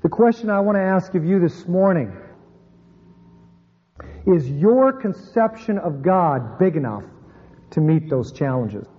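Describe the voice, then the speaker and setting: Preaching with real animation, a high-voiced pastor sinks his voice low on key points, speaking a little slowly with frequent pauses and a slightly rough quality. A long sanctuary reverb follows his words, and the sound is dull and muffled.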